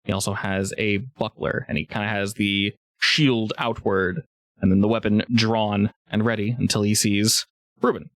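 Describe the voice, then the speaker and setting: A man narrating a tabletop game as game master, relaxed and halting, with many fillers. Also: lowish voice, dry recording.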